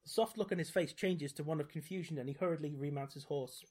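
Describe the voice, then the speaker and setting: A man's voice: on the high side, fast, a little mellow. A man reading a gamebook aloud as podcast host, dropping dry, wry asides. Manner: dry, wry commentary between read passages.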